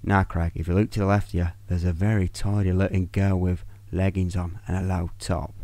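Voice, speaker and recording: A man's voice: sits low, little pitch movement, brisk, warm tone, no echo. A man voicing a rude, cheeky male prank caller in a mock Cockney accent, trading insults. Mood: taunting. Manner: insulting, mocking banter.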